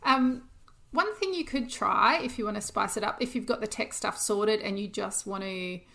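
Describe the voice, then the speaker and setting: Gravelly-voiced woman, chatty podcast host. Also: medium pitch, moderate pace, fairly bright tone. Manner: chatty, practical, laughs often. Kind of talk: casual chat.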